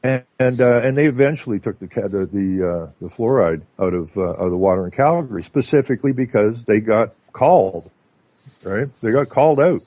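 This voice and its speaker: A Canadian man talking casually as a radio guest, telling stories in an animated way with lots of filler words. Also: on the low side, a little fast, dry recording. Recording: dull lo-fi line.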